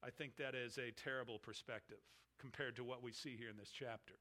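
A man preaching a sermon, reading scripture and then expounding it slowly with emphatic, falling phrase ends. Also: mid-range voice, steady tone, bright, forceful tone. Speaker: pastor.

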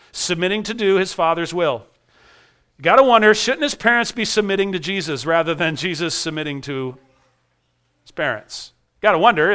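A man's voice: a little high, bright, forceful tone. A man preaching a sermon, earnest, repeating key phrases for emphasis. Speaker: pastor.

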